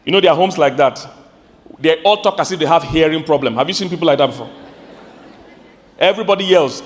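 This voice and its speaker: A Nigerian man preaching a sermon as pastor, animated, with sudden high outbursts and questions to his congregation. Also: quick pace, long pauses, big-room sound.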